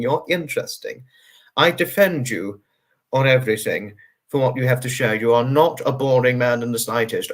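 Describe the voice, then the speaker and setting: A man talks on his livestream at a middle pitch, sounding tired. He rambles earnestly through viewer comments, full of fillers and reassurance. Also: expressive, moderate pace. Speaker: livestream host. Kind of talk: casual livestream chat, answering viewer comments.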